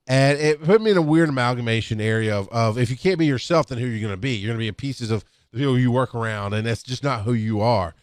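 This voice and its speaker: This is a middle-aged EMS instructor spinning casual work stories for a podcast, rambling, restarting often, and acting out quotes. His mid-range voice comes fast with hardly any pauses, in a dry, clean studio recording.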